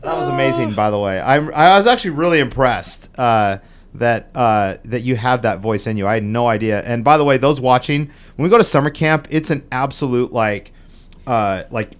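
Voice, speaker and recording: A man's voice: medium pitch, normal speed. A man hosting a podcast, telling stories casually with lots of fillers and acted quotes. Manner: storytelling with many fillers, acts out quotes. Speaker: podcast host. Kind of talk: casual chat.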